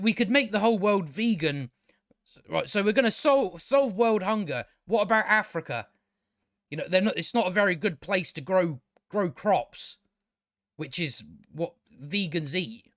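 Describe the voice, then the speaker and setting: A man's voice: on the high side, fairly bright tone, dry recording. Sweary man ranting, dry sound. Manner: sweary, exasperated, stammering restarts. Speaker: show reviewer. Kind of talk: casual ranting review commentary.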